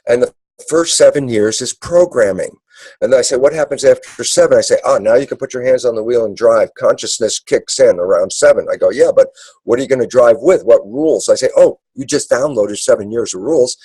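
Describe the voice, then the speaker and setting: Man, lecture, mellow voice, husky, emphatic, dry recording. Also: mid-range voice, dry recording, rough recording. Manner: acts out dialogues in quick asides. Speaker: speaker. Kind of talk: animated lecture.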